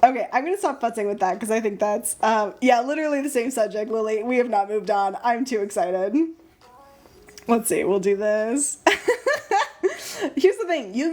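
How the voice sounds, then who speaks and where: A young woman chatting casually on a live stream while she works on her art. Her voice sits high and swings all over the place. She talks in a bubbly, excitable way, often breaking into squeals. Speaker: live-stream host and sticker artist.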